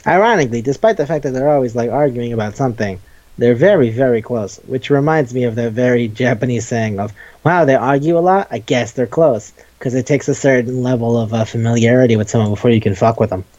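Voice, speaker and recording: A man chats casually about manga in a dark, mellow voice, acting out scenes with quoted lines and cursing freely. The recording is dull and lo-fi. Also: mid-range voice, fast. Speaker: podcast co-host.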